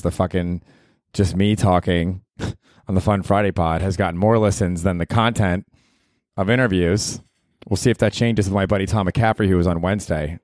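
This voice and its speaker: Deep-voiced, self-mocking man in his 40s rambling through a profane solo podcast in a dry room. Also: a little mellow, no echo. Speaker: podcast host. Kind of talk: casual solo podcast monologue. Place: apartment.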